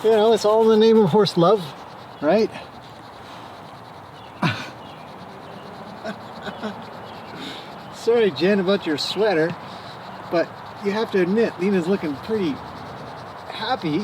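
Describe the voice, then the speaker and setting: A man's voice: high voice, takes it slowly, pauses often, noisy background. A man working as a horse trainer, chatting casually and joking as he talks to his horses outdoors. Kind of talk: casual vlog talk to camera and horses.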